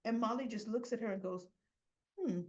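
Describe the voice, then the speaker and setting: A woman's voice: fairly high pitch, quick pace, dull audio. A woman giving a chatty, sassy recap of a soap episode, acting out the characters' lines as she goes. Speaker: soap opera reviewer.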